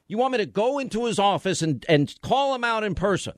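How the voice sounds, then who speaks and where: A man hosting a talk radio show from a studio, ranting in a forceful, exasperated way into a studio mic. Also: sits high, sing-song, a little fast, dry recording. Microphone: studio microphone.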